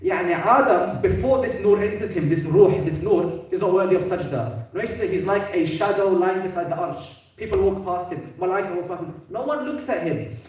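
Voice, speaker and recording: A man giving an emphatic mosque sermon, with quick Arabic quotations between his English. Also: high-pitched, animated, a little mellow. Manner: emphatic, rising into declamation, quotes Arabic quickly. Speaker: preacher giving a majlis. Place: mosque hall. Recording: echoey mosque hall, mic at a distance.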